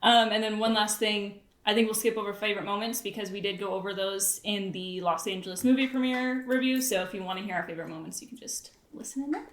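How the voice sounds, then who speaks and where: A woman co-hosting a casual podcast, animated and laughing, with fillers. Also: mid-range voice, quick pace, hardly any pauses. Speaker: podcast co-host. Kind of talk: casual chat. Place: a house. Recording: roomy echo.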